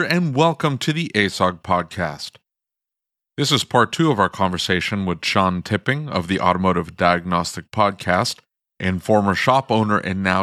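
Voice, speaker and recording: A man's voice: low voice, fairly bright tone, no echo, studio quality. A man hosting a podcast, chatting casually and laughing often. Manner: chatty, laughs often, does quick voices. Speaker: podcast host.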